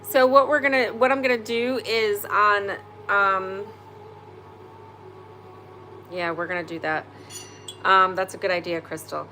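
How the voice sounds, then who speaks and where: A woman's voice: medium pitch, fairly even intonation, a little slow, long pauses, bright, forceful tone, a little hiss or hum. A woman hosting a casual live online session from home, chatty and candid, swearing freely when something annoys her. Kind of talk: casual live-stream chat. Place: at home indoors by a fireplace.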